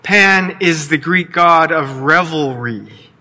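A man's voice: fairly high pitch, slow pace, sharp tone. A man pastor preaching a sermon, telling the story expressively and voicing quotes with playful asides. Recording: long hall reverb.

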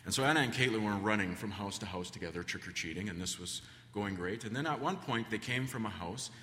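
Fast and expressive, the guest preacher's fairly low voice sounds pushed and bright as he tells rambling family stories in his sermon. He fills it with ums and restarts, and long church reverb surrounds him.

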